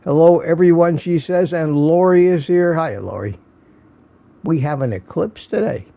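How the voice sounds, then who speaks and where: An older male host with a slightly higher voice than most men, roughened by a gravelly edge. His tone is dark and mellow as he greets his regulars one by one in an easygoing, folksy livestream chat. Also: normal speed, no echo. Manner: reads viewer names and comments aloud, folksy.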